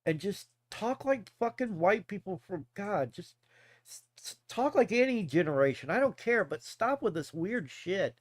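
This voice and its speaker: A man's voice: high voice, lively intonation, normal speed, no echo. A man in his forties ranting casually and profanely on a live stream, rambling and often laughing. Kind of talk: casual rant.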